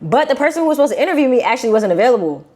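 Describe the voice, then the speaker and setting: A young woman from Brooklyn with a New York accent, telling a personal story to her viewers in a casual, animated, slangy way. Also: a little high, very fast. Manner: animated, slangy, acts out quotes in shifting voices. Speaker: vlogger.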